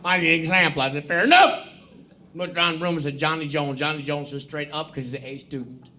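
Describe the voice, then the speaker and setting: A man's voice: fairly high pitch, little pitch movement, fast, bright, forceful tone, a little hiss or hum. A man telling bawdy stand-up jokes on a club stage, a drawling storyteller who builds chanting rhythms, recorded live with an audience laughing. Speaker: stand-up comedian.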